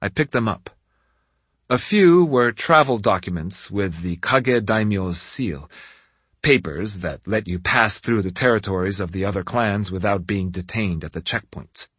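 A husky male narrator reading a first-person story at an unhurried pace. His pitch moves expressively through the lines, and the recording is dry and close with no room sound. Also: animated, fairly bright tone, no echo. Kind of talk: scripted audiobook narration.

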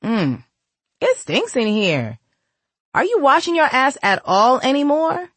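A woman reads a pushy young sister who nags and scolds. Her voice climbs high and presses hard. The sound is dry and close-miked. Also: huge pitch swings, unhurried, no echo, heavily acted. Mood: scolding. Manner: sharp, scolding.

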